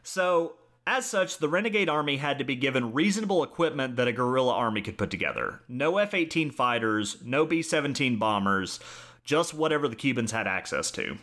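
Lively, bright-voiced young man on a podcast. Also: mid-range voice, a little fast. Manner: animated, explains from notes, laughs easily. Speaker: podcast co-host. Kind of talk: casual history podcast chat.

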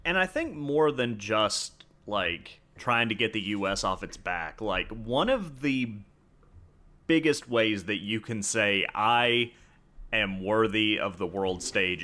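A man's voice: lowish voice, sing-song, a little slow, sharp tone. A young man co-hosting a podcast, chatty and full of "like" as he explains history. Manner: chatty, interjecting, uses "like" a lot. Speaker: podcast co-host. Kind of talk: casual history podcast chat.

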